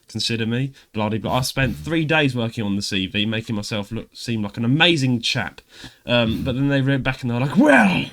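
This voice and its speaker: A man's voice: mid-range voice, brisk, fairly bright tone. A young man hosting a podcast, chatting in a rambling, upbeat way. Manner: chatty, rambling with restarts and laughs. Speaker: podcast host. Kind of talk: casual chat.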